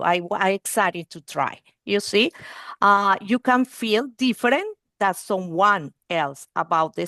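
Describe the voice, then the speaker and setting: A woman's voice: mid-range voice, fairly bright tone, no echo, studio quality. Woman giving a teacher-training webinar. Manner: broken, non-native English grammar; checks in with "okay?" and "you see". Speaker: early learning trainer presenting to teachers. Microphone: video call.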